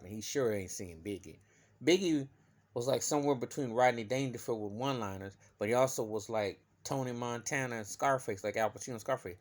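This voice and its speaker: A man vlogging an emphatic opinion rant, swinging from loud outbursts to low muttering.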